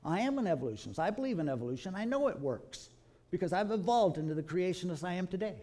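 Folksy man preaching, higher voice. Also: fast talker. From Kentucky. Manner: animated storytelling, calls listeners folks. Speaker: creationist speaker. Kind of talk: folksy preaching to a live audience.

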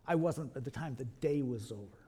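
A middle-aged man from Kentucky, telling animated stories to a live audience in a folksy preaching style, calling the listeners folks. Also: medium pitch, a little fast, husky. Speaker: creationist speaker.

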